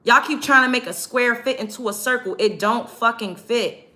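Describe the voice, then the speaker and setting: Fairly high in pitch and sharp in tone, this woman talks at a moderate pace. She's a vlogger doing a get-ready-with-me rant to camera, cursing frequently and sounding blunt and sarcastic in an African American English accent.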